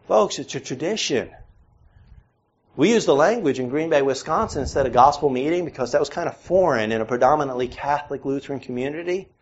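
Guy preaching in church, bit of northern and southern US accent mixed, voice on the higher side, dull lo-fi sound. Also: animated, a little fast, husky. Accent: mixed Northern and Southern American. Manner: earnest, questioning, builds to emphatic peaks. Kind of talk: sermon. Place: church before a congregation.

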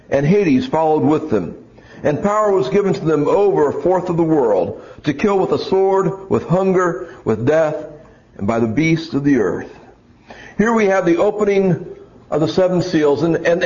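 A man's voice: a little high, darkish tone. A man preaching a sermon and reading scripture aloud, earnest and often restarting his words. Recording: dull lo-fi recording.

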